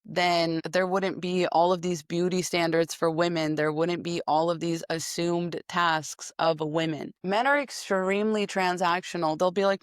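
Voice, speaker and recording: A woman's voice: on the low side, little pitch movement, normal speed, hardly any pauses, no room sound, clean studio sound. A young woman giving casual opinion commentary and answering comments, sarcastic and blunt, swearing freely.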